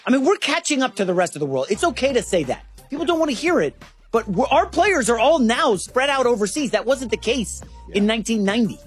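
Sports talk co-host, animated delivery, soft music underneath, chatty. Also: medium pitch, fast talker, breathy edge. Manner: lively, chatty, runs the segments.

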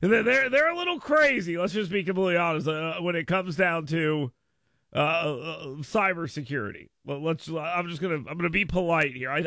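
A man hosting a radio talk show, telling a rambling, animated story with frequent asides from a studio microphone. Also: fairly high pitch, no echo. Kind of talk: casual radio monologue.

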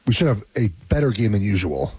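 A man's voice: on the low side, big pitch swings, fast talker, a little mellow, breathy edge, no room sound. A man co-hosting a sports radio show, talking in a sarcastic, mock-mournful way. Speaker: radio co-host, former football player.

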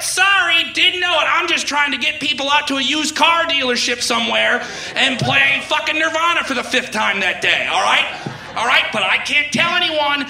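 A man doing a stand-up comedy bit, ranting and shouting with mock crying. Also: very high voice, normal speed, gravelly, echoey room.

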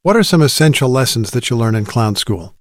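A man's voice: mid-range voice, sing-song, brisk, dry recording, clean studio sound. A man interviewing a guest, curious and lightly playful between narrated links.

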